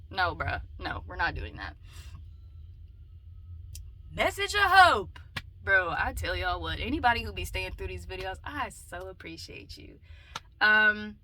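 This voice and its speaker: Bright-voiced chatty woman vlogger. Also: mid-range voice, slight background noise. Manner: chatty and animated, swings between loud bursts and muttered asides. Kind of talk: casual talking-to-camera vlog.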